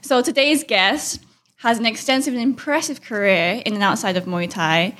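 A woman hosts a casual podcast interview in a slightly high voice. She is friendly and quick to laugh as she asks her questions. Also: a bit bright. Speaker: podcast host.

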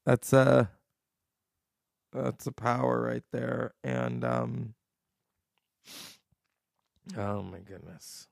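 A man hosting, giving halting, enthusiastic commentary after a played clip. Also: mid-range voice, creaky, no echo, clean studio sound. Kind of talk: casual commentary.

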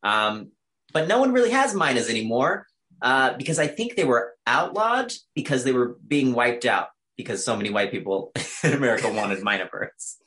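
A man's voice: mid-range voice, sing-song, normal speed, sharp tone. A man co-hosting a casual film discussion, joking and laughing often as he talks. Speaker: podcast co-host.

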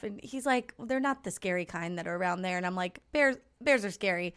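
Chatty and brisk, this young woman co-hosting a podcast relays stories casually, performing other people's lines as she quotes them. Her voice is lowish with a clean tone.

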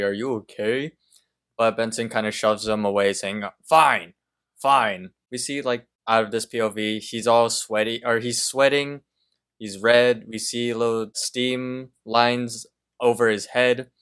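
A man co-hosting a podcast, calmly retelling a cartoon episode scene by scene with small fillers. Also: lowish voice, clear, resonant tone. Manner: slow, measured retelling with fillers. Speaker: podcast co-host. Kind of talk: casual episode recap.

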